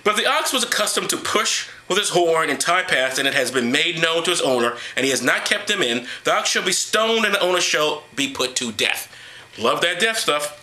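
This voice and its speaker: A man's voice: fairly high pitch, lively intonation, fairly quick, few pauses, sharp tone. A man reading Bible passages aloud and mocking them with profane, sarcastic rants. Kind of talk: sarcastic comedic Bible commentary.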